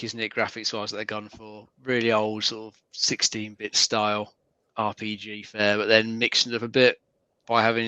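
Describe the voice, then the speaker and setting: A man giving measured opinions on a game as co-host in a casual chat. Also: medium pitch, bright, forceful tone, clean tone, no echo, rough recording.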